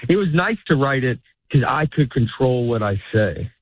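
A man's voice: mid-range voice, very animated, normal speed, no echo. A middle-aged male stand-up comedian talks in a casual interview. He rambles, breaks off his own sentences and laughs easily. His voice comes through thin and narrow like a phone line, and completely dry.

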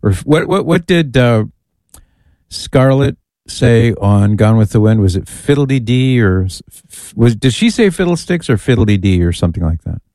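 A man's voice: medium pitch, big pitch swings, normal speed, a little mellow, no room sound. A man hosting a call-in radio show, chatting in an easygoing, bantering way. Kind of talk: casual call-in radio chat.

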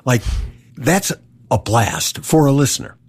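Husky male host, curious and probing. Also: mid-range voice, lively intonation, a little slow. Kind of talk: interview questions.

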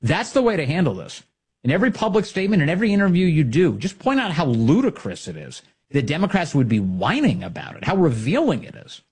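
A male talk show host with a lively voice that swings up and down as he fires off sarcastic rhetorical questions. His tone is a touch husky and sits fairly high for a man. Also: fast talker. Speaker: political commentary host. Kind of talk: opinionated talk show monologue.

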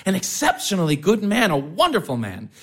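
A chatty, self-satisfied schoolteacher, played by a man. His voice bounces around with lively pitch. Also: moderate pace, breathy edge, exaggerated voice. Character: fussy, cheerful schoolteacher husband. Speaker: teacher. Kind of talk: stage-play radio acting.

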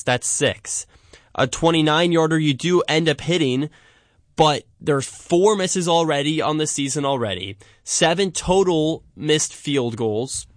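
A man co-hosting a sports podcast, giving emphatic commentary and slowing down to land his points. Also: on the high side, a bit bright, dry recording, clean studio sound. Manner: emphatic, slows down for punchlines.

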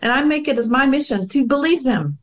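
A woman's voice: high voice, lively intonation, fairly quick, dull audio. Earnest woman telling her own story. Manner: earnest, reflective, frequent "um" fillers. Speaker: guest sharing her own story of abuse. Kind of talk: personal testimony in a panel discussion.

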